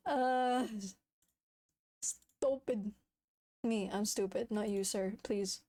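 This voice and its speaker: Casual livestream chatter comes from a young woman VTuber whose medium-pitched voice is mellow, flat, and unhurried. She still sounds frantic at times, swearing and giggling often.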